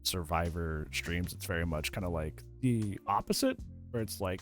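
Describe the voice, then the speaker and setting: A man hosting a casual interview, asking questions and giving his own views with lively, swooping intonation. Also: low-pitched, fairly quick, faint music behind. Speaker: podcast host.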